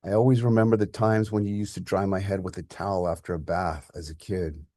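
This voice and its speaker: A man's voice: sits low, steady tone, a little fast, mellow, dry recording, studio quality, natural voice. A man voicing a grown son, raw and emotional, who is angry at his father and later tender with him.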